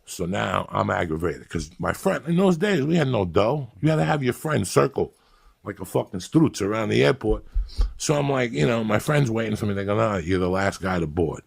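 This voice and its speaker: A middle-aged man with a low, gravelly voice and a husky edge tells blunt, profanity-laced stories in casual chat. His pitch swings widely as he acts out his own lines. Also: animated, moderate pace, no echo. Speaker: storyteller on a podcast.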